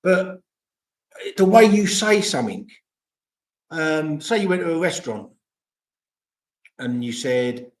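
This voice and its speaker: An older Englishman chatting loosely on a livestream, rambling off on tangents and dropping the odd swear word. His voice sits somewhat high for a man. The room adds a noticeable echo. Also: animated, slow, pauses often. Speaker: vlogger. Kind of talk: casual livestream chat. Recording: roomy echo.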